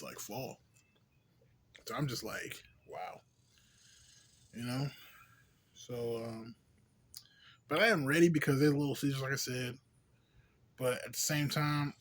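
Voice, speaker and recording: A young man, a little tipsy on beer, rambles loosely through a vlog monologue packed with slang, fillers and swearing. His voice sits in the mid-range, and there's a slight hiss or hum on the recording.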